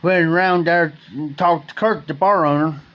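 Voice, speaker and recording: A man's voice: on the high side, steady tone, normal speed, lo-fi sound. Folksy man spinning a rambling tale. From Ohio. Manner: rambling storyteller, repeats and restarts phrases, folksy slang. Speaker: livestream host. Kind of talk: late-night storytelling chat.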